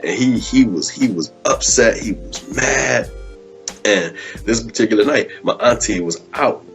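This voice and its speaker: A man's voice: on the low side, moderate pace, soft background music. A man hosting a live web show, telling a story casually and acting out the quotes, with "man" in nearly every sentence. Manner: animated storyteller, acts out quotes, says "man" often.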